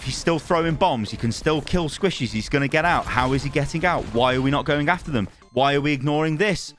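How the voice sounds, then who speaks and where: A man's voice: medium pitch, quick pace, few pauses, a bit bright, faint music behind. A man reviewing gameplay replays as a coach, exasperated and firing off repeated rhetorical questions.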